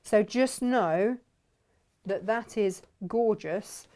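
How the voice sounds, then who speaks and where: A woman's voice: medium pitch, very slow, warm tone. A woman hosting a fabric workshop, talking in a chatty, enthusiastic, rambling way. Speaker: fabric shop host. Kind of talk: casual workshop chat.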